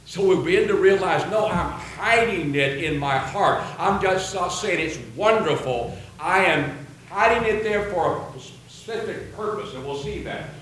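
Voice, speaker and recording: A man's voice: high voice, measured pace, few pauses, a bit bright, slight background noise. A man preaching a sermon, reading and quoting scripture in an earnest way. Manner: earnest, quotes scripture aloud. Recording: very echoey room.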